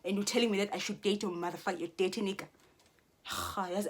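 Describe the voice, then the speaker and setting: A woman's voice: medium pitch, fairly even intonation, fairly quick. A woman speaking to her viewers in a heated monologue, swearing often, repeating herself and restarting her sentences. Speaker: vlogger. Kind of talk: profane angry monologue to viewers.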